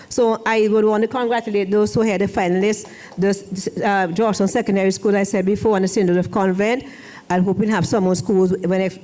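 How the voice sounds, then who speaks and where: A woman's voice: medium pitch, darkish tone. A middle-aged woman, a former foreign language officer, giving a rambling ceremony speech in a church hall with many restarts. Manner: rambling, repeats and restarts phrases.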